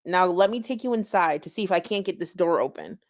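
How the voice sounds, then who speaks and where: A woman's voice: lowish voice, lively intonation, a little fast, lightly acted. A woman voicing a patient but exasperated man who talks in a weary, matter-of-fact way.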